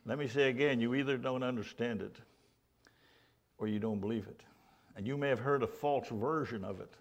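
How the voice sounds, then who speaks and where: A man preaching a sermon, swinging between loud, emphatic declarations and low, quiet lines. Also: brisk.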